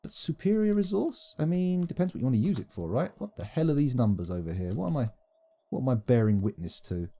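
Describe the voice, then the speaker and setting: A man's voice: medium pitch, very animated, fairly quick, mellow. A man giving playful, rambling, self-mocking commentary while streaming a game live.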